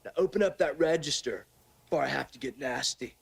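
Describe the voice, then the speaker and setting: An actor playing a dim young surfer-dude robber in a film, with a cartoonish California surfer accent and a mock-polite, laid-back drawl. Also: male voice, mid-range voice, fairly quick, creaky, heavy background noise, natural voice. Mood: menacing. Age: young adult.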